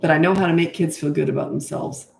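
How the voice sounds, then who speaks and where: A woman's voice: low-pitched, steady tone, quick pace, gravelly, darkish tone. An older woman, a parenting coach, answering interview questions in a frank, chatty way and laughing easily. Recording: roomy echo.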